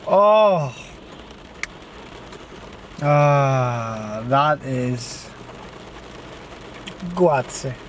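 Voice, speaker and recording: On tour, a young actor films himself with a handheld action camera, talking loosely and cursing without restraint. He speaks a little slowly in a fairly high voice, with slight background noise audible.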